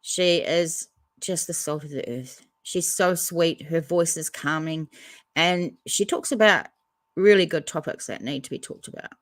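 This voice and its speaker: A woman with a slightly low voice hosts a relaxed livestream. She reads out viewer comments and answers each one in easy, casual chat, as if talking to friends. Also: measured pace, dry recording. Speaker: livestream host reading chat.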